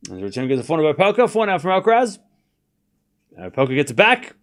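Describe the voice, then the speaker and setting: A young man hosting a live tennis watchalong stream, chatting casually and excitedly repeating the score as points are played. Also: fairly high pitch, fast. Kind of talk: live casual play-by-play commentary.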